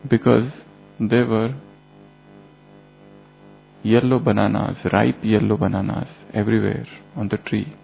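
A man in a sermon tells a fable slowly, in short phrases. His voice is gravelly, heard through a thin, phone-like line with faint music underneath. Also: lowish voice, level tone. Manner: slow storytelling in short phrases. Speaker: spiritual teacher.

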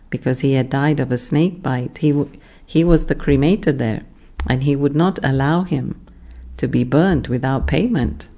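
A spiritual teacher giving a measured, explanatory class talk, often pausing on rhetorical questions. The voice is gravelly and mellow. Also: medium pitch.

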